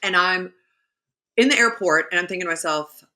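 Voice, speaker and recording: A woman telling a story as a podcast guest in casual chat, animated and chatty. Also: lowish voice, fairly quick.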